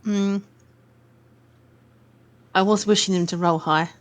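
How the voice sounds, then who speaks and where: A woman's voice: mid-range voice, fairly even intonation, slow. A woman, playing in a tabletop game and bantering dryly with light swearing. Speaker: player. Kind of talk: casual chat over voice call.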